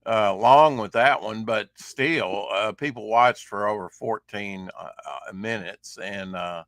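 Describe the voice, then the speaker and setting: A man's voice: on the low side, a little slow, a bit bright, no echo. A man hosting a casual livestream chat show over a video call, rambling with many fillers. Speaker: host.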